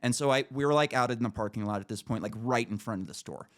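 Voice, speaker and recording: A man's voice: medium pitch, quick pace. A man co-hosting a podcast, telling a story in casual, profane talk and acting out the dialogue. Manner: animated, profane, acts out dialogue. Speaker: podcast co-host.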